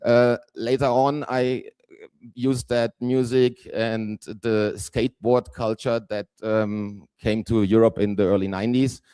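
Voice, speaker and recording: A man in his forties from southern Germany with a German accent, giving a conference talk haltingly with lots of fillers. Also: mid-range voice, fairly even intonation, dark tone, clean tone, dry recording. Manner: hesitant, many fillers, self-deprecating. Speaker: guest speaker. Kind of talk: conference presentation.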